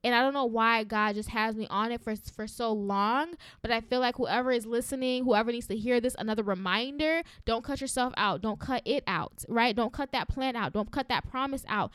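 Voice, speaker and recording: A woman's voice: fairly high pitch, a bit bright, smooth, no echo, studio quality. Fervent woman preaching on a podcast. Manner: fervent, preachy, keeps asking "right?". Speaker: podcast host. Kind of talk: faith-based encouragement podcast talk.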